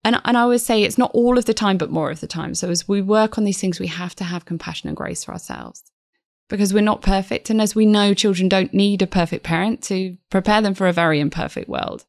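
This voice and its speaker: Earnest woman with a gravelly edge. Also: medium pitch, fairly quick, no echo, studio quality. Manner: earnest, reflective, with frequent restarts. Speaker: guest psychotherapist. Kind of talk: podcast interview.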